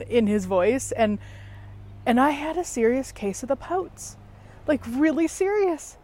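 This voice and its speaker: A woman telling a story in a chatty, animated vlog from outdoors in a backyard, laughing at herself as she goes. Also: on the high side, measured pace. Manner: chatty, animated, self-mocking. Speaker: facilitator and show host.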